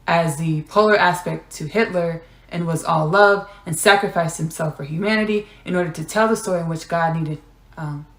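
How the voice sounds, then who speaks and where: Woman host, low gravelly voice, channeling monologue with repeated lines and drifts into whispers. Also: a bit bright, reverberant. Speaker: podcast host.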